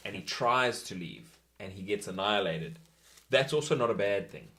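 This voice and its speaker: A man co-hosting a filmmaking podcast, thinking aloud with halting restarts while brainstorming. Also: lowish voice, animated, a bit bright. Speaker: filmmaker co-host. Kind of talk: casual brainstorming.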